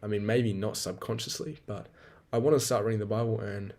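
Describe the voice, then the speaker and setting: Young guy in his 20s hosting a solo podcast, low-pitched, loose and profane, rambling and venting. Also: fairly even intonation, a little fast, a little mellow. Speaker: podcast host. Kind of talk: casual solo podcast monologue.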